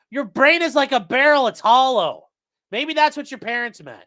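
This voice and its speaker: A man hosting a legal commentary livestream, reading court orders aloud and breaking into profane, shouting tirades. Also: very high-pitched, wildly swooping pitch, normal speed. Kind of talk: livestream rant.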